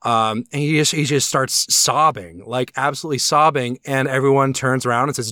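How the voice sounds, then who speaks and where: A man's voice: medium pitch, fairly even intonation, a little slow, bright, forceful tone, smooth, no room sound, studio quality. A man co-hosting a podcast, talking in a casual, enthusiastic, rambling way with many restarts and fillers. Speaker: podcast co-host. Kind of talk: casual chat.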